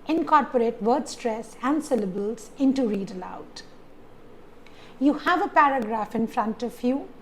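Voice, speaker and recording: A woman teaching pronunciation in a video lesson, speaking deliberately and stressing syllables as she demonstrates words. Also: on the high side, a little hiss or hum, low-quality recording. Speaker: English test tutor.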